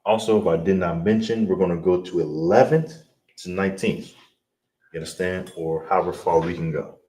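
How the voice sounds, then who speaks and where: A man with a Chicago accent teaching an online language class, saying words slowly and repeating them, often checking that listeners understand. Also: sits low, a little mellow. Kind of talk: online language lesson, livestream. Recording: roomy echo, distant mic, faint noise.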